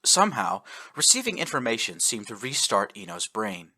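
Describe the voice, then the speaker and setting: A man narrating a science fiction fan fiction story with an expressive, animated reading. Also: lowish voice, moderate pace.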